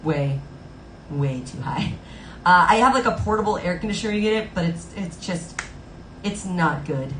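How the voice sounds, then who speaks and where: A woman's voice: lowish voice, lively intonation, normal speed, echoey room, a little hiss or hum, poor audio. A woman live-streaming from home, chatting casually with her viewers in a bubbly way, full of "like" fillers. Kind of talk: casual chat with viewers between songs. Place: Los Angeles home.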